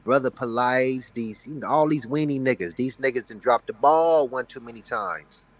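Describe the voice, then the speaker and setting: Man, panel caller, mid pitch, dry close sound, blunt and slangy. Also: moderate pace, no room sound, rough recording. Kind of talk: casual livestream chat.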